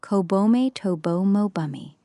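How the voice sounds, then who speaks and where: A man voicing a high-pitched young girl. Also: animated, measured pace, mellow, no echo, studio quality. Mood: urgent.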